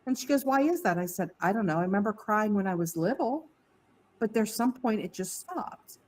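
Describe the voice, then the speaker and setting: A woman telling a candid personal story on a podcast, lively and quoting others in her tale. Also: mid-range voice, normal speed, poor audio. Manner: candid, animated, mimics voices in quotes. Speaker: podcast guest. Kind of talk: casual storytelling.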